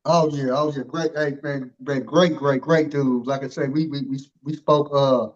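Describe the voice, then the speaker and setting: A man's voice: medium pitch, fairly even intonation, normal speed, muffled recording. A man hosting a casual interview, rambling and filling his talk with "you know" and "man". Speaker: podcast host.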